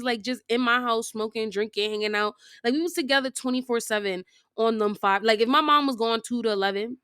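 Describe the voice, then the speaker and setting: A woman telling a story casually over gameplay, retelling it in an animated, slangy way with constant fillers. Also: fairly high pitch, clear, resonant tone, no room sound, studio quality. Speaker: storytime vlogger.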